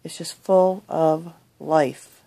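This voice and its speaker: Hushed gravelly woman cooing softly. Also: low-pitched, fairly even intonation, very slow. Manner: cooing, affectionate, half-whispered. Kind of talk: soft-spoken recorded monologue. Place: bedroom at night.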